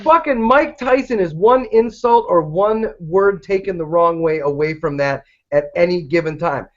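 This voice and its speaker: A man's voice: high-pitched, animated, normal speed. A man co-hosting a podcast, joking and ranting crudely in casual chat. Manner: crude, joking, emphatic rants. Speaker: podcast co-host. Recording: dull lo-fi podcast audio.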